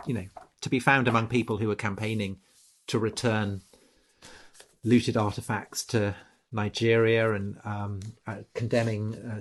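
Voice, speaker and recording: A man with a fairly low voice co-hosting a history podcast in casual conversation. He talks in halting stretches, circling back with ums and restarts as he gathers his thoughts. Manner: hesitant, many fillers and restarts. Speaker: podcast co-host.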